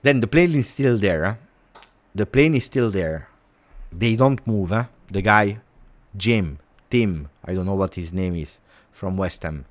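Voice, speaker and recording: A man's voice: low voice, lively intonation, unhurried. Theatrical man hosting a football news stream. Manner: theatrical, repeats words, swings from quiet to loud. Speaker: football fan channel host. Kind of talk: livestream transfer-news commentary.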